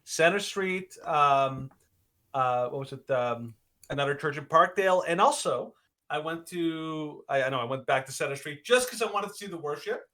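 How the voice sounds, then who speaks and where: Male podcast co-host, higher bright voice, playful and laughing. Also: moderate pace. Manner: jokey, laughs often, puts on silly accents. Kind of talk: casual chat.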